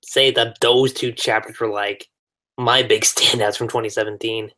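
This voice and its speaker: A podcast guest chatting casually in a relaxed way. The speech is full of fillers, with laughter mixed in, and the pitch sits at a middle level. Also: normal speed. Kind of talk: casual chat.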